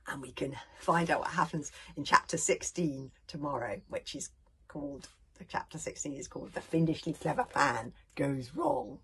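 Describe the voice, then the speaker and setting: A British woman, a children's author, reading her storybook aloud in an expressive way that often drops to a whisper. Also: sits low, normal speed, slight background noise. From United Kingdom.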